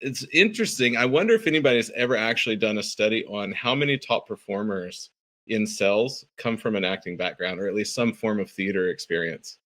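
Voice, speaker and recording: A man's voice: on the low side, a little fast, a bit bright. A man appearing as a podcast guest, a sales coach talking with enthusiasm and reflection. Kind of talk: casual interview chat.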